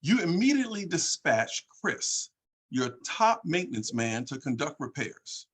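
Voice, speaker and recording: Male podcast host, scenario reader, husky voice, lively pitch. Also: measured pace. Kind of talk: reading a scenario aloud.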